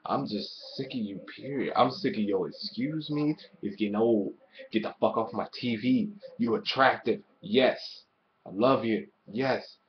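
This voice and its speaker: A man giving a casual, profanity-heavy wrestling show review, ranting excitably and swearing constantly. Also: medium pitch, highs cut off.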